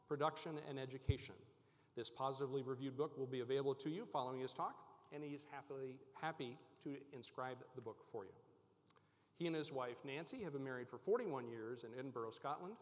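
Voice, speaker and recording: A man with a mid-range voice reads a prepared introduction of the guest speaker in a steady, formal way. His voice carries a long reverb from a large event hall. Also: medium pitch. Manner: formal, reading a prepared bio. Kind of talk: read introduction.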